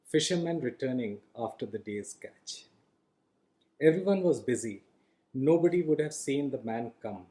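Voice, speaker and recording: A man reading his own fantasy novel aloud in calm, measured audiobook narration. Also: mid-range voice, low-quality recording.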